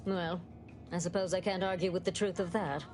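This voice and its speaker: A woman's voice: fairly low pitch, fairly even intonation, fairly quick, lightly acted. A woman voicing a brash corporate marketing chief in a video game, talking in old-timey salesman slang.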